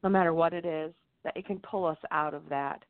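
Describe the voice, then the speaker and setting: A woman hosting a casual talk, reflecting gently with many fillers. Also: deep voice, fairly even intonation, fairly quick, no echo. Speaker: host. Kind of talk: casual chat. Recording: phone-like narrow sound, dry.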